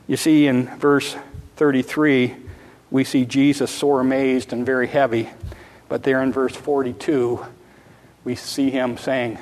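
A man's voice: medium pitch, level tone, a little slow, a little mellow. A man preaching a sermon, earnest and repetitive, sometimes acting out a child's pleading prayer. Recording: long reverb of a large hall.

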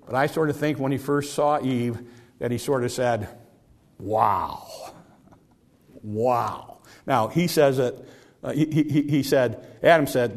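A man preaching a sermon in a conversational way, often repeating words and restarting his sentences. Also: mid-range voice.

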